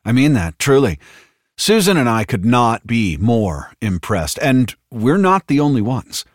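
A man voicing a slick, overconfident corporate spokesman with a smooth news-anchor cadence. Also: fairly low pitch, sing-song, normal speed, no echo, clean studio sound, voice pushed up. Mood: hearty.

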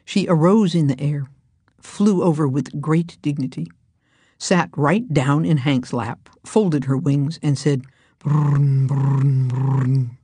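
A woman reading a children's storybook aloud in a hushed, breathy manner. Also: sits low, a little slow, no room sound.

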